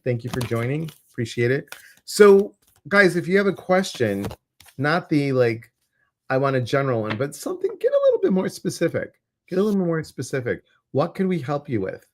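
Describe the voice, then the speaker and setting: A man hosting a livestream as an intuitive coach, chatting casually, greeting viewers and reading their comments. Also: mid-range voice. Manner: warm, chatty, addresses viewers directly. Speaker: intuitive coach and stream host.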